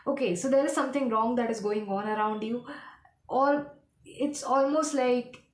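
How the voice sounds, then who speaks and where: A woman giving a casual tarot reading, rambling and halting as she hunts for her words. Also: a little high, roomy sound. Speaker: tarot reader.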